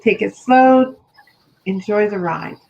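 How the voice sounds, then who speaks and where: A woman co-hosting a live online stream, giving gentle advice from drawn cards. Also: medium pitch, slow pace, creaky, dull audio. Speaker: psychic card reader. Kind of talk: live online card reading.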